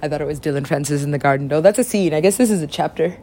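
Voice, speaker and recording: Giggly lady rambling stories, swears a ton, voice jumps way up when she quotes herself, lowish voice. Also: rapid-fire, dark tone, slight background noise. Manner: giggly, swears a lot, acts out her own quotes with big pitch swings. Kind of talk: rambling casual storytelling.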